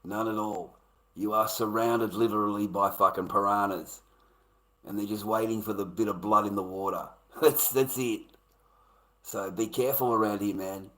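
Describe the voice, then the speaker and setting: A man's voice: lowish voice, fairly even intonation, moderate pace, pushed and bright, poor audio. A man ranting bluntly and profanely at his live-stream chat. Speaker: livestreamer.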